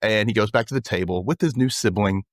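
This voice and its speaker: A man's voice: lowish voice, quick pace, dry recording, clean studio sound. A man hosting a podcast, casually recapping a TV episode and acting out lines from the characters. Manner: animated retelling, quoting characters in put-on voices. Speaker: podcast host.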